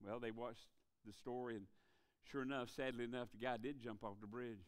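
A man preaching a revival sermon in a church, telling jokes in a folksy, animated way. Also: medium pitch, brisk. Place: church sanctuary.

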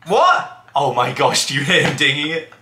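Animated British man, bright voice. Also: on the high side, slight background noise. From United Kingdom. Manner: jokey, animated, quick asides. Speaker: co-host of a couple's channel. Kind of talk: casual chat reacting to comments. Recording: echoey room.

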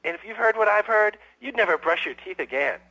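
A man's voice: high-pitched, animated, a little fast, vocal fry, sharp tone, slightly rough, full character voice, poor audio. An actor playing a paranoid, belligerent male conspiracy-theorist caller who rants and accuses the host. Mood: ranting. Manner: ranting, accusing, defensive.

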